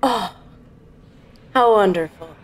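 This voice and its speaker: A woman's voice: medium pitch, slow pace. A woman voicing a brash, hard-drinking female sylph sky pirate who teases everyone. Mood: gushing. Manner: sassy and teasing.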